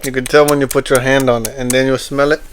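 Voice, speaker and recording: A man's voice: mid-range voice, flat delivery, quick pace, a little hiss or hum. Laid-back young man, slangy chat. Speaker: podcast co-host. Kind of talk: casual chat.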